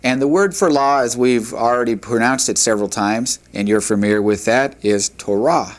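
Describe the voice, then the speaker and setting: Man, language teacher, slow repeated pronunciations, fillers, lecture style. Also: mid-range voice. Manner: slow, careful pronunciation drills with repeated words; frequent fillers and restarts. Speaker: Hebrew teacher. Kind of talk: recorded classroom lecture.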